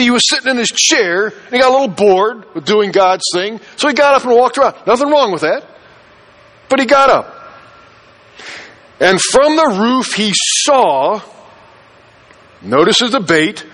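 A man's voice: sits high, fairly bright tone, poor audio. A man preaching a sermon as pastor, emphatic, repeating key phrases and firing rhetorical questions at the congregation.

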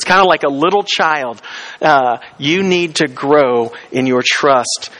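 Male pastor, chatty sermon delivery, questions the congregation, a bit higher-pitched. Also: slow pace, a bit bright. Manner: conversational, asks the congregation questions; acts out quoted lines with rising pitch.

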